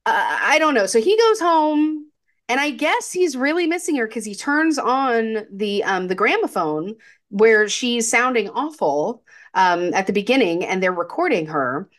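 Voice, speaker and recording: Animated woman retelling a film, slightly high. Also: measured pace. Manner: animated, acts out characters' lines. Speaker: podcast co-host. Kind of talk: casual movie discussion.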